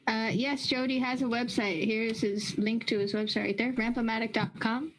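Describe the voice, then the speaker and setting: A woman's voice: a little high, fairly even intonation, rough recording. Upbeat woman co-hosting a live show. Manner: upbeat, quick to laugh. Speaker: co-host. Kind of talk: casual chat.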